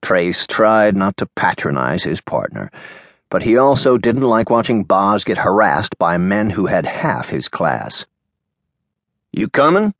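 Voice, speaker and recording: A male audiobook narrator with a low voice and lively, expressive pitch. He reads in a measured way. The studio recording is dry and close. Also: dry recording. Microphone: studio microphone.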